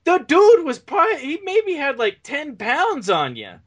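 A man's voice: extremely high pitch, huge pitch swings, a little slow. A man co-hosting a podcast, ranting about a bad movie in casual banter, swearing and laughing. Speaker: podcast co-host.

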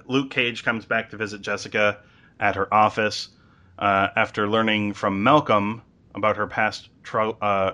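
Man, podcast host, casual episode recap, chatty, bright tone, lots of fillers. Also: lowish voice. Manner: chatty, lots of ums and uhs.

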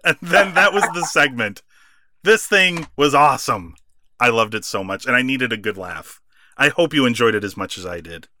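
A man co-hosting a wrestling podcast, chatting casually, laughing often and acting out quotes with animated bursts. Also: medium pitch, normal speed. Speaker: podcast co-host.

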